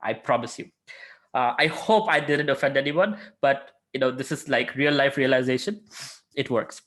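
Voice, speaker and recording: A man's voice: mid-range voice, normal speed, a bit bright. A man giving an informal spiritual lesson as a lecturer and mentor, talking conversationally with frequent filler sounds and acted-out quotes.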